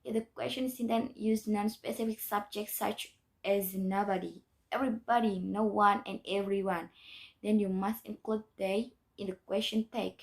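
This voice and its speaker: A woman's voice: medium pitch, steady tone, normal speed, vocal fry. A young woman, a student, reading a grammar lesson aloud in a careful, methodical way with small restarts. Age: young adult. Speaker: student presenter.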